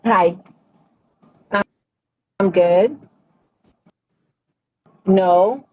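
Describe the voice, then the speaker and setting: A woman's voice: medium pitch, drawn-out words. A woman at home making a phone call and placing an order, with polite, brief replies. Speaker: host's wife, on the phone. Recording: distant and muffled, off-mic.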